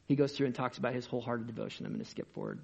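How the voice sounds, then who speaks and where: A man preaching a sermon as a pastor, in an energetic, conversational way with rhetorical questions, in a dull lo-fi recording. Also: medium pitch, very fast, vocal fry, slightly rough.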